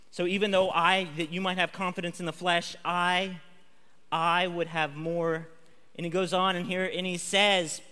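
Energetic bright-voiced man preaching in a hall. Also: high-pitched. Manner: energetic and conversational, lively emphasis. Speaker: chapel speaker. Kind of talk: school chapel sermon. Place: large chapel hall. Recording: long hall reverb.

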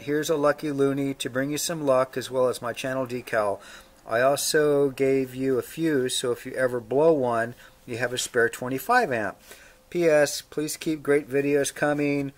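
A man's voice: mid-range voice, steady tone, normal speed. Laid-back man reading viewer mail. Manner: laid-back, dry humor; plays along with joke letters. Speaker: motorcycle channel host.

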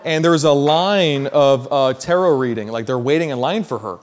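A man preaching a sermon, telling a story in a casual, slangy way that builds to loud emphasis. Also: medium pitch, normal speed.

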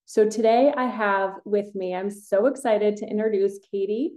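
Mellow-voiced middle-aged woman hosting a podcast. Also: medium pitch, fairly even intonation, normal speed. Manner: chatty, enthusiastic, rambling with fillers. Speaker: podcast host, kinesiologist. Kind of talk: casual podcast chat.

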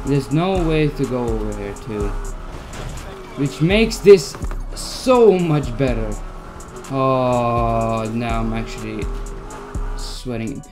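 A young man giving gameplay commentary as a YouTuber, stressed and swearing as he talks to himself. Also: mid-range voice. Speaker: gaming YouTuber. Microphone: desk mic at a PC.

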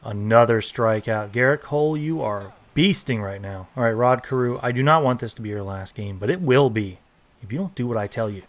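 A young man giving casual, joking commentary while playing a baseball video game, reacting loudly to big plays. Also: medium pitch, lively intonation, a little fast. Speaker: gaming YouTuber.

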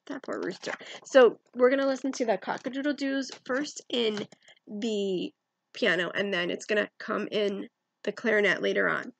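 A woman giving a gentle, encouraging music lesson to children, asking her young listeners questions as she explains. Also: on the high side, vocal fry, dry recording. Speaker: music teacher.

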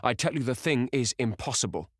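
A man's voice: normal speed, no echo, studio quality. A man voicing an anguished middle-aged male painter who cries out in horror and pleads. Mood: horrified. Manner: shrill, horrified exclamations.

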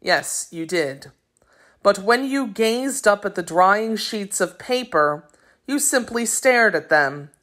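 A woman voicing a kindly old male typesetter in a storybook, speaking in a calm, measured way. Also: mid-range voice.

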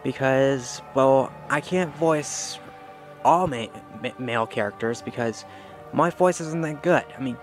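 Teen boy vlogger, mid-pitched, rambly, unsure of himself. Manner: rambling, many fillers and self-corrections; unsure and self-critical. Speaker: channel owner. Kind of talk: casual vlog update.

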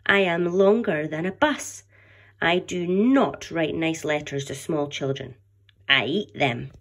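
A woman's voice: sits low, takes it slowly, full character voice. A woman reading aloud as a boastful male Tyrannosaurus who claims to eat children. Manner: boastful and mock-menacing. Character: boastful male T-Rex, loud and scary.

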